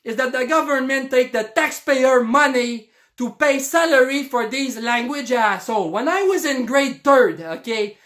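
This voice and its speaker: A man's voice: very high-pitched, unhurried, hardly any pauses, fairly bright tone. A man playing a cocky, crude Montreal guy who rants in broken English with a Quebec French accent. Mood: ranting. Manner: profane, blunt, broken English. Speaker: comedy character. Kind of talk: comic rant to camera.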